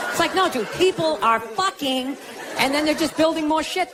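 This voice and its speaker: A man's voice: extremely high pitch, fairly quick. A middle-aged man doing a profane, exasperated stand-up routine on stage before a live audience. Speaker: stand-up comedian. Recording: live show with crowd laughter and noise.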